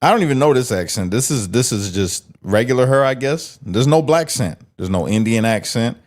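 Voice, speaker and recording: A man's voice: mid-range voice, animated, normal speed. A man giving casual reaction commentary, breaking into a clip to mock it in blunt, profane, slangy talk. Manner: talks back to the clip in slangy street speech.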